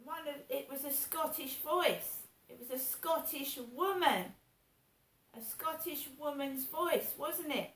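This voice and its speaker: A woman's voice: high voice, slow, fairly bright tone, distant mic. A woman vlogging in a rambling, aggrieved way, repeating herself as she complains. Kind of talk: casual vlog rant. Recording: echoey room with faint hiss.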